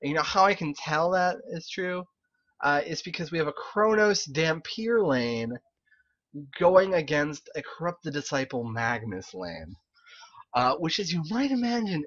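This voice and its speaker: A young man giving casual, animated live-stream commentary on game replays, swearing, laughing and throwing in quick asides. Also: a little high, muffled recording. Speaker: game caster reviewing replays.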